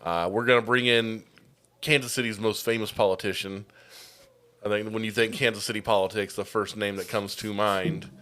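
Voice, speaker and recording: A man guest on a comedy podcast, rambling and overconfident as he pitches a festival. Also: steady tone, moderate pace, bright, forceful tone, smooth. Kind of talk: improvised comedy chat.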